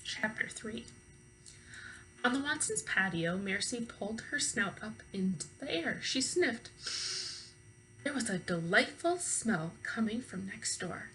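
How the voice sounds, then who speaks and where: Bright-voiced woman reading a children's story. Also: mid-range voice, measured pace, low-quality recording. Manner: expressive, asks listeners questions. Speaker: teacher reading aloud. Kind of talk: children's read-aloud.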